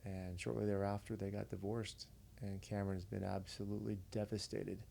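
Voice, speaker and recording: A man's voice: on the low side, little pitch movement, a little fast, vocal fry, warm tone, a little hiss or hum. A man who is a veteran and podcast guest, earnestly telling a story in a casual, conversational way. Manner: earnest, conversational, retells dialogue.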